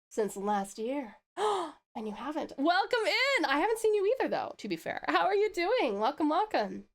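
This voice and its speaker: A woman from Tasmania with an Australian accent, chatting playfully on a live stream and greeting viewers. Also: sits high. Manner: playful, teasing, bursts of excited squeals. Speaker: VTuber streamer. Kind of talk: casual live-stream chat.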